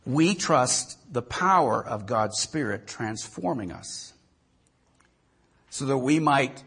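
A man's voice: mid-range voice, gravelly, fairly bright tone, husky. A male pastor giving a sermon, telling a story with animation and often repeating words.

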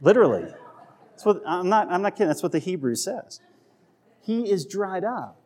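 Conversational male preacher, fairly high voice. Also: expressive, moderate pace, a little mellow. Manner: conversational, checks in with the audience, acts out voices for humor. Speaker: pastor. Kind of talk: sermon.

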